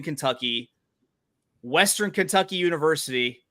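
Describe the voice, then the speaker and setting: A man's voice: on the high side, normal speed, sharp tone, no room sound, clean studio sound. A man hosting a casual sports betting chat, talking in a chatty, playful way with frequent fillers. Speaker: podcast host.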